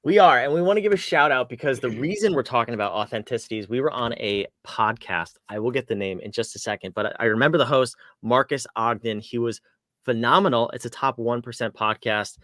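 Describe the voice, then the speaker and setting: A man's voice: mid-range voice, a little fast, a bit bright, dry recording, clean studio sound. A man co-hosting a business podcast, chatting casually and telling a jokey story. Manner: jokey, conversational. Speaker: podcast co-host. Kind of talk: casual chat.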